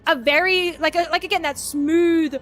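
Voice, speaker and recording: A woman with an Australian accent chats loosely on a live stream, her voice high and bright. She rambles and trips over her own sentences, restarting often and swearing casually. Faint music plays behind her. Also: fairly even intonation. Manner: rambling, halting, with frequent restarts. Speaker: VTuber streamer.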